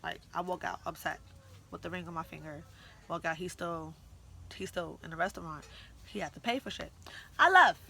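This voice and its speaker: A young woman telling a story in a casual vlog, animated, slangy and full of swearing. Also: lowish voice, moderate pace, creaky, long pauses. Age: young adult. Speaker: vlogger.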